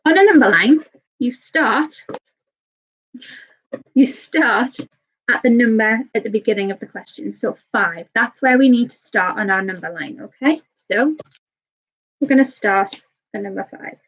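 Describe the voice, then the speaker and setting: A woman with a slightly high, expressive, somewhat bright voice teaches young children maths in a live online class as an early years teacher. Patient yet a bit nervous and quick, she keeps asking "okay?", and the recording sounds slightly dull and lo-fi.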